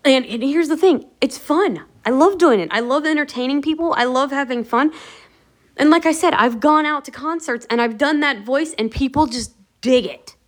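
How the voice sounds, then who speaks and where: A woman's voice: sits high, normal speed. A woman hosting a motivational video series, talking casually to the camera in a chatty, encouraging way with lots of fillers. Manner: chatty, animated storytelling with many fillers.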